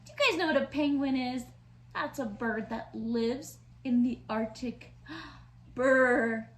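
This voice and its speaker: A woman teaching letters and sounds to young children in a slow, sing-song voice with exaggerated sounds. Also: sits high. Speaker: preschool teacher. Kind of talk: online lesson for young children. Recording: echoey room with faint noise.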